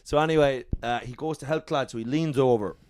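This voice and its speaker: A man's voice: mid-range voice, quick pace, a little mellow, no echo, studio quality. A young Irish man telling an old legend as a profane comic yarn on a podcast, laughing often. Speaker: podcast storyteller. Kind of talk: casual comic storytelling.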